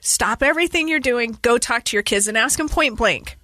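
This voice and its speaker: A woman in her forties, a podcast guest, telling a painful family story in an earnest, urgent, fast-flowing way. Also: fairly high pitch, bright, forceful tone, no echo. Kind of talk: emotional personal interview.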